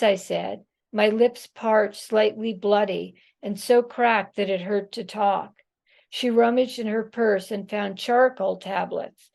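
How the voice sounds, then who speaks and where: A woman author reading her own prose aloud in a measured, expressive way over a video call. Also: medium pitch, vocal fry.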